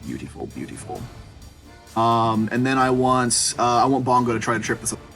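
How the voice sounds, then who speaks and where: A man's voice: medium pitch, level tone, brisk, a bit bright, faint music behind. A man with a headset, a player in an online tabletop game, eagerly describing his character's attacks in vivid detail.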